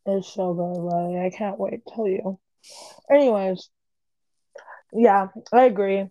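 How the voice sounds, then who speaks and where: A woman's voice: mid-range voice, unhurried, mellow, no echo, lo-fi sound. A woman in casual chat, blunt and crude, laughing often.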